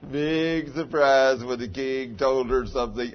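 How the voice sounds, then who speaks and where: A man's voice: medium pitch, fairly even intonation, unhurried, hardly any pauses. A man preaching a chatty, folksy sermon and teasing members of the congregation by name. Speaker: pastor. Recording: dull sound with faint background noise.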